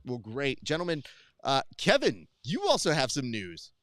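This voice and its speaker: A man's voice: mid-range voice, wildly swooping pitch, moderate pace, a bit bright, no echo. Host guy, mid voice, eager teasing, dry close sound. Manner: enthusiastic, teasing. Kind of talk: casual post-show chat.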